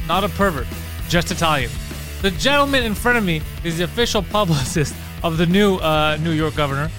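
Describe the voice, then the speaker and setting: High-voiced man hosting a comedy podcast. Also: lively intonation, a little fast, music in the background. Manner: joking, riffing, breaks into laughter. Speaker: podcast host. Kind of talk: crude comedic banter.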